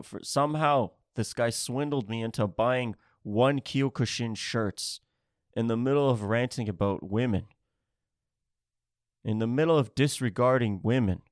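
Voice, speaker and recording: Podcast host, male, restless profane rant, mid-pitched voice, dead-dry sound. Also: no room sound. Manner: rambling, swearing, restless, jumps between topics.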